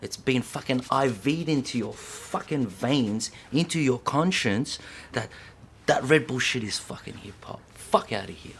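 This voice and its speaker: A breakdancer delivering an impassioned, profane rant to camera, swinging between loud outbursts and hushed whispers and repeating lines for emphasis. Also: male voice, medium pitch, lively intonation, a little slow, slight background noise.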